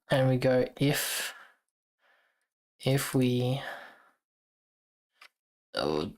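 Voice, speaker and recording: A woman with a strikingly low voice chats with her stream while she codes, in an unhurried, drawn-out way. She thinks out loud, trails off and starts over, and chuckles now and then. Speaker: streamer and software developer. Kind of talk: casual live-coding stream chat.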